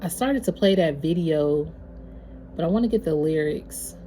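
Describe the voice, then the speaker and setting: Woman tarot reader, low voice, at home, chatty and slangy. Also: normal speed, mellow, a little hiss or hum. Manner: chatty, slangy, addresses viewers as y'all. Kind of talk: casual spiritual reading.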